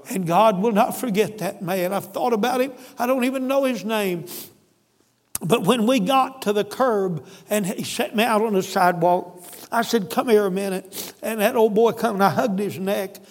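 Older preacher man, folksy story sermon, high voice, shouts then hushes, long hall reverb. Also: moderate pace. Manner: folksy, swings from loud shouting to hushed pleading.

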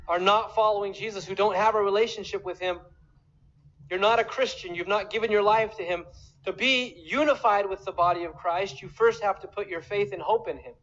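A man with a high voice delivers an earnest, emotional sermon as the pastor, slipping into the voices of the people he quotes. The recording is dull and lo-fi. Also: fairly bright tone.

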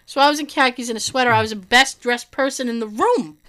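A woman telling a long personal story in casual chat, animated, swearing and laughing often. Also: on the high side, brisk.

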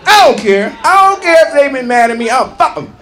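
A high-pitched man tears through a loud, profane stand-up set, his voice leaping all over the place. He shouts, mocks and imitates singers over a live club crowd that laughs and claps. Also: very animated, a little fast. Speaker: stand-up comedian. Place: comedy club stage. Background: audience laughing and clapping.

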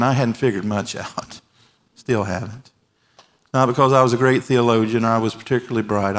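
A male pastor in his forties preaches a sermon in a large church with overflow rooms. His mid-range voice is gravelly, and his delivery is earnest and emphatic, with quiet, softened endings.

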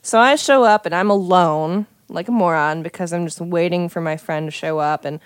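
A woman's voice: on the low side, normal speed, no echo, studio quality. A young woman telling a story in casual chat, chatty and profane, with many "like" fillers.

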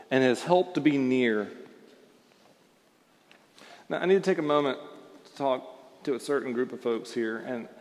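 Conversational male pastor preaching in a hall. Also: medium pitch. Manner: conversational, with frequent fillers and restarts. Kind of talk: sermon.

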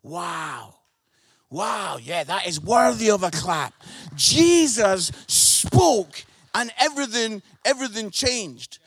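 A Scottish man preaching a lively sermon to a congregation, emphatic and animated, checking in with "yeah?" as he goes. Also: sits high, takes it slowly, husky, no room sound, clean studio sound. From Scotland. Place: church in front of a congregation.

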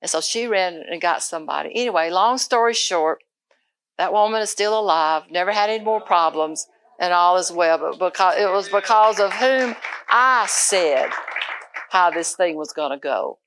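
A woman pastor telling a testimony in a sermon, going hushed and intense in the story, then lifting into preaching. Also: fairly low pitch, moderate pace, a little hiss or hum.

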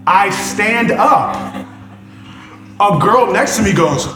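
Animated preacher in an echoey church. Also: male voice, high-pitched, unhurried. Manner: animated, swings from loud exclamations to hushed prayer. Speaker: pastor. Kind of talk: sermon with storytelling and prayer. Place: church sanctuary. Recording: echoey church hall with music behind.

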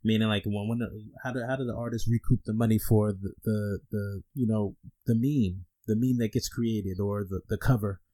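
A man's voice: on the low side, fairly even intonation, moderate pace, hardly any pauses, warm tone. Easygoing male podcast co-host. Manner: easygoing, laughs often, teasing. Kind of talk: casual chat.

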